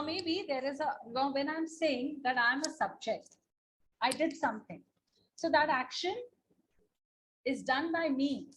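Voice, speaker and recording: Indian english lady teaching kids online, highish voice, keeps checking they get it. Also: slight background noise, rough recording. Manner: patient, repeats points, asks "na?" and "okay?". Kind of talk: online class lesson.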